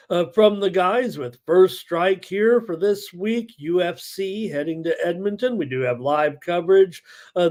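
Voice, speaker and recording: A man's voice: high-pitched, a little mellow. A man hosting a live sports betting stream, talking casually with frequent fillers and reading viewer chat aloud. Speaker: sports betting show host.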